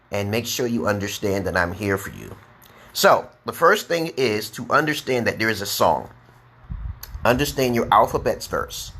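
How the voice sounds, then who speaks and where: A man's voice: lowish voice, a bit bright. An American man teaching English on a casual livestream, rambling and tagging "okay" onto his sentences. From United States. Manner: rambling, repeats "okay" often; chants the alphabet in a rising sing-song.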